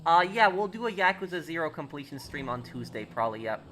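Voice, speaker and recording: A man's voice: a little high, big pitch swings, fast, bright, forceful tone, a little hiss or hum. A man streaming a game, chatting casually with viewers and reading chat aloud, with lots of fillers and restarts. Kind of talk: casual live-stream chat while gaming.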